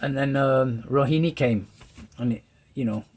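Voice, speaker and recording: A lively, rambling storyteller, this middle-aged Englishman from England shares a personal testimony and acts out the voices of its characters. His voice is mid-range and his pace moderate, in an English accent.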